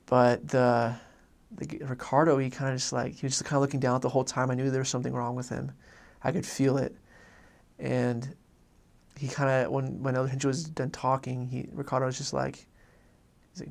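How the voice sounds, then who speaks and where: A man recounting a faith story from his missionary days, earnest and halting, often restarting his sentences. His voice is gravelly with a flat, level pitch. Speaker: former missionary. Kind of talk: personal faith testimony story.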